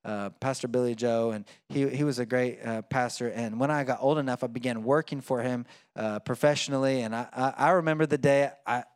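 A man's voice: medium pitch, steady tone, brisk, clear, resonant tone, no echo, studio quality. A man preaching a sermon in a conversational way, with fillers and restarts. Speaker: pastor.

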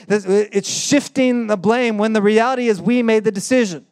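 A young adult man preaching a sermon in a conversational, animated way, full of "like" and acted-out quotes. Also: moderate pace, hardly any pauses, clear, resonant tone. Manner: animated, acts out quoted voices with sudden high bursts; conversational with frequent "like" fillers. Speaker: pastor.

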